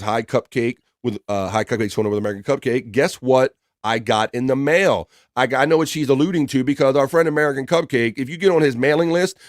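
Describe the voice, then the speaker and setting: A man's voice: mid-range voice, no room sound, studio quality. A man hosting a live stream, chatting casually and reading out viewer comments with upbeat greetings by name.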